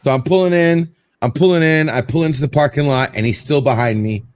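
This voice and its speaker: A man's voice: a little high, fairly quick, no echo, studio quality. A man hosting a casual show, telling a story in a rambling way and acting out what people said. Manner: rambling storyteller, repeats words, acts out quotes. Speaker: show host.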